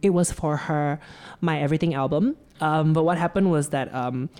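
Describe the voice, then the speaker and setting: A man's voice: a little high, fairly quick, clean tone. A young Malaysian man from Sarawak, a singer-songwriter, chatting as a guest and telling stories animatedly. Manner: animated storyteller, acts out quotes. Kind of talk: casual chat.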